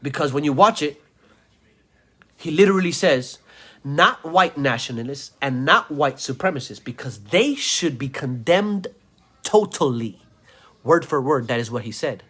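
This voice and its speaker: Guy with a pretty high voice going off on a rant, mad and calling everyone dumb. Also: expressive, a little slow, fairly bright tone, slightly rough. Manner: angry, scornful, calls listeners idiots. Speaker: political commentator. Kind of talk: ranting vlog monologue.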